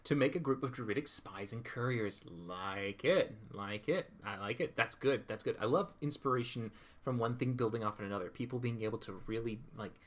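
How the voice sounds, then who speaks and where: Young guy on a stream just chatting, reading chat out loud, laughs a lot, mid pitch. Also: normal speed, few pauses. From California. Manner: chatty, reads chat aloud and riffs with laughs. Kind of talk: casual livestream chat.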